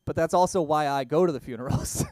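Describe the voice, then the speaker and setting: A man's voice: on the high side, fast talker, darkish tone, no echo. A young man doing an open-mic stand-up set in a small comedy club, rambling and self-deprecating, often laughing at his own jokes.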